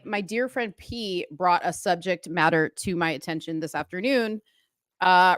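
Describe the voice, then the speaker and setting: Chatty low-voiced woman co-host, easy laughter, dry mic. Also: no room sound. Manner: chatty, laughs often, lively. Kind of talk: casual chat.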